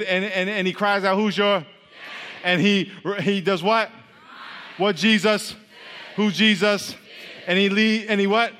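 A man preaching a lively, interactive sermon, playfully teasing the congregation and leading them in repeat-after-me chants. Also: high voice, a little slow, pauses often, clean tone. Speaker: pastor. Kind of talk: interactive sermon with call-and-response. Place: church hall. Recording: long hall reverb.

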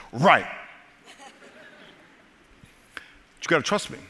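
An older man preaching a sermon as pastor, telling the story with lively, acted-out asides. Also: sits high, unhurried, long reverb tail. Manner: animated storytelling with voiced asides.

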